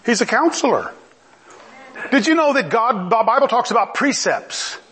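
A middle-aged man preaching a sermon in a lively, conversational way, often asking the congregation questions. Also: extremely high pitch, moderate pace.

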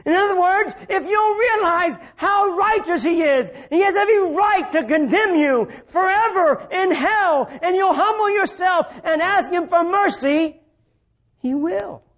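High-voiced preacher, shouting then hushed. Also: male voice, measured pace, muffled recording. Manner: swings from shouting to hushed low delivery. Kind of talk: sermon.

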